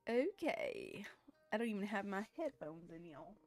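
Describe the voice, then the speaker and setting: A woman's voice: mid-range voice, a little mellow. A woman chatting casually with her viewers on a live stream, rambling from one thing to the next.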